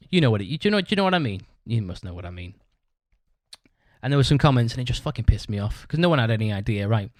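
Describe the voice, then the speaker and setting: A young British podcast host delivers a long, rambling storytelling monologue, swearing plenty and bursting into laughter. His voice is mid-pitched, and the recording is close and dry with no room sound.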